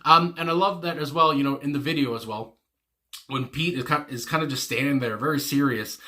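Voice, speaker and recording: A man's voice: mid-range voice, a little fast, sharp tone. A man giving casual, rambling reaction commentary as host, enthusiastic and full of fillers and the odd swear word. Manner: enthusiastic, fond.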